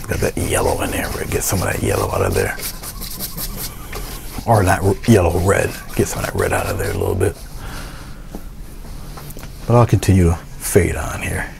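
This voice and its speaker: A man with a low, gravelly voice gives a casual painting tutorial. He talks through each step in a relaxed way as he works, often half to himself. A faint hiss of noise sits behind him. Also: brisk. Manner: relaxed, talks to himself while working, thinks aloud. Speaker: painting instructor.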